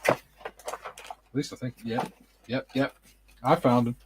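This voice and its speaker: A man's voice: medium pitch, fairly even intonation, takes it slowly, background noise. A middle-aged man hosting a casual modelling livestream, reading out viewer comments and joking with friends. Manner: reads out viewer comments, jokey banter. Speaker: livestream host and scale modeller.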